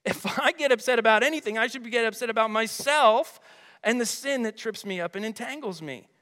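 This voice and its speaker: A man preaching a sermon as a pastor, energetic and emphatic, with chatty rhetorical asides. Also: very high voice, a little fast. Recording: long hall reverb.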